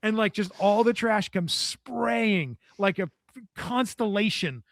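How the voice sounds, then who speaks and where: High-voiced man telling a lively story. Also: slow, vocal fry. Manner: animated storyteller, laughs often, acts out quotes. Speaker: podcast guest. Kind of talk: casual storytelling chat.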